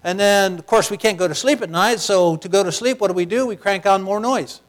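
A man preaching a sermon in a folksy, conversational way, swinging from loud, shouted passages down to a near whisper. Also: high voice, a little fast.

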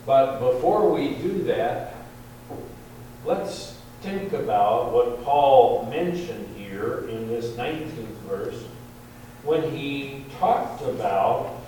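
A man preaching a sermon, slow and deliberate, lifting his voice on quoted verses. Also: medium pitch, lively intonation, dark tone. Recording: very echoey hall, distant mic, faint hum.

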